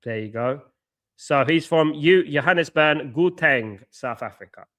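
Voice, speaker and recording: A man's voice: a little high, a little slow, a bit bright. A young man hosting a live football watchalong, reading out viewers' chat, bantering and often repeating himself. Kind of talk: live stream commentary and chat.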